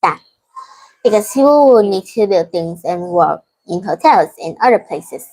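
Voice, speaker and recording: Woman, English student, halting English, dizzy, video call. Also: medium pitch, animated, dark tone, low-quality recording. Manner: halting, informal non-native English. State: dizzy from heat. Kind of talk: reading exercise answers aloud.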